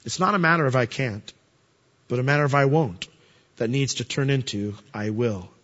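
A pastor preaches conversationally, tossing in humorous asides and lots of rhetorical questions. His mid-range voice is a bit bright, at a moderate pace. The audio is dull and lo-fi, in a reverberant hall.

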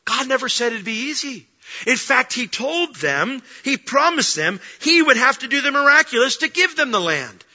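High, bright-voiced male preacher. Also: normal speed, dull audio. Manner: expressive, reads scripture with emphasis. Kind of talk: sermon.

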